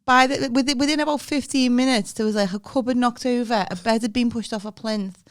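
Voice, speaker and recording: A woman co-hosting a podcast, chatty and exclaiming in casual banter. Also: fairly high pitch. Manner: chatty, exclaiming, quick to laugh. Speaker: podcast co-host. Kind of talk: casual chat.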